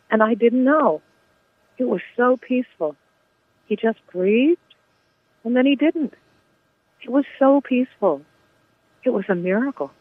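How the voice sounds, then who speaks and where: A gentle older sister speaks softly to her dying brother, as a woman reads her lines from a play. The reading is tender and reassuring, with no put-on accent. It comes down a thin, tinny phone line. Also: on the high side, pitched above the performer's own voice. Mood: hushed. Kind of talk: reading a play monologue aloud.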